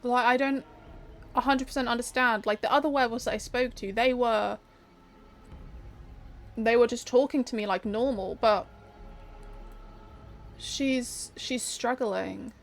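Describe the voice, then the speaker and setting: A woman's voice: on the high side, fairly even intonation, a little slow, gravelly, pauses often. A woman giving casual, hesitant let's-play commentary, thinking aloud as she picks dialogue choices. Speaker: gamer playing through a story game.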